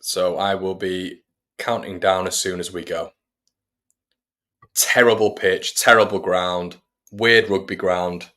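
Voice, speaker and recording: A man with a deep, fairly bright voice hosts a live fan watch-along, offering casual play-by-play and chatting with viewers between the action. His tone stays steady, and he speaks slowly with long pauses.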